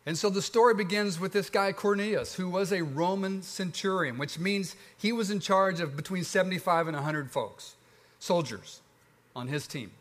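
Storytelling Southern pastor. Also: male voice, moderate pace. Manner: storytelling, lively pitch swings, conversational. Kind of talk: sermon.

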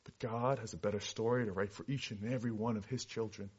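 A man who works as a missionary, telling his story in a sermon with earnest storytelling that moves between animated and hushed passages. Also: on the low side, quick pace, husky. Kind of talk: sermon testimony. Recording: dull lo-fi recording.

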